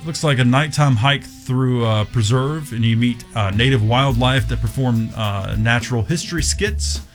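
A man's voice: mid-range voice, moderate pace, soft background music. A man hosting a radio show in a studio, casually running through local events with lots of fillers. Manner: relaxed, loose, lots of fillers.

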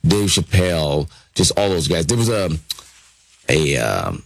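Hoarse comedian with lively low voice. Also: male voice, measured pace, no echo. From Detroit. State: hoarse from yelling. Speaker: stand-up comedian guest. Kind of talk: casual interview chat.

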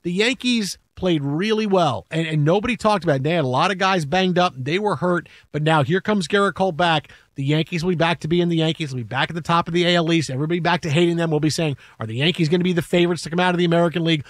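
Animated man on sports talk radio. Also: a little high, no echo, studio quality. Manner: animated, quick restarts, acts out quotes. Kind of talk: casual sports talk and storytelling.

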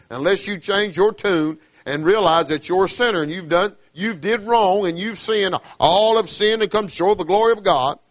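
A preacher man delivering a sermon in folksy dialect. His voice sits a little high and moves between quiet, close asides and fervent rises. The sound is dry and close. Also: no room sound. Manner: swings from hushed to fervent, with dialect grammar and call-outs.

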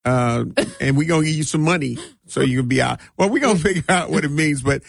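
A man hosting a radio show in a studio, chatting casually and joking with slang and a relaxed drawl. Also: fairly high pitch, quick pace, gravelly, dry recording.

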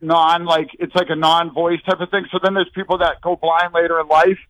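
A man's voice: fairly high pitch, flat delivery, brisk, fairly bright tone, no room sound, poor audio. A young man calling in to a radio show, out of breath, rambling in a scattered way. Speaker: regular caller. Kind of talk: rambling phone-in call.

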